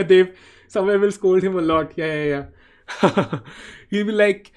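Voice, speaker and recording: With a brisk pace and a fairly high voice, this Indian man runs a live chess stream, commentating and chatting with his audience. He calls out viewers in chat by name and often throws in "guys."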